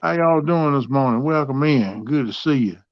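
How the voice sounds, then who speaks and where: A man's voice: medium pitch, normal speed, no room sound, lo-fi sound. A man hosting a livestream, telling family stories in a folksy, drawling way. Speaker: livestream host. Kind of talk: casual storytelling chat.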